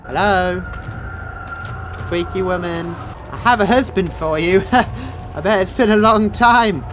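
A man's voice: sits high, slow pace, background noise. A young man giving jumpy, joking commentary over a horror game, swearing and yelping when startled. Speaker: gaming video host. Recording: game music loud behind voice.

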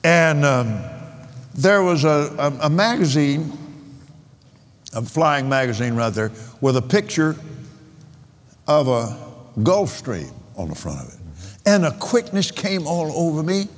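An older man preaching a sermon, telling stories in a slow, rambling way and counting out figures. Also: on the high side, big pitch swings. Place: large convention hall. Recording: long reverb of a large hall.

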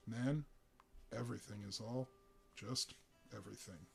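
A man's voice: fairly low pitch, fairly even intonation, a little slow, gravelly, breathy edge, soft background music, heavily acted. A man voicing a troubled young man who talks in an edgy, defensive, rambling way. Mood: weary despair.

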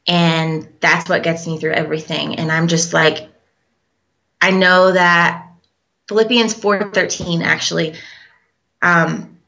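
A young woman, a guest in an interview, telling a personal story in a halting, hesitant way with many fillers. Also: on the low side, pushed and bright. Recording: dull lo-fi recording.

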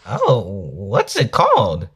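A performer voicing a timid adult male plumber brother who stammers and bursts into shrill panic. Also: wildly swooping pitch, slow pace, a bit bright, full character voice. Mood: uneasy. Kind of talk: fan puppet-style comedy video.

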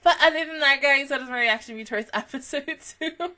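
A young woman giving casual, profane anime reaction commentary, animated and rambling, tired from little sleep. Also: high-pitched, fairly quick.

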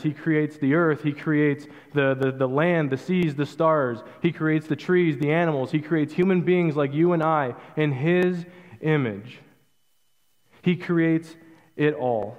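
A man's voice: mid-range voice, steady tone, measured pace, long reverb tail, lo-fi sound. A man preaching a sermon as pastor, retelling scripture in a casual, storytelling way with voiced quotes. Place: church sanctuary.

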